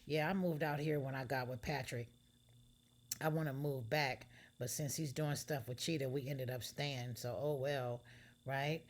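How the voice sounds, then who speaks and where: A woman's voice: rumbling low, steady tone, measured pace. A woman voicing a chatty, friendly young wife in a storybook reading.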